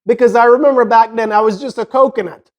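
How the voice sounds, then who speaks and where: A man's voice: very high voice, fast, muffled recording. A man in his sixties from Jamaica, with a Jamaican accent, hosting a podcast and telling stories from his youth in a rambling, conversational way full of restarts and asides. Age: 60s. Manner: rambling, with frequent restarts and "you know" asides. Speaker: podcast host. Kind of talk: casual storytelling monologue.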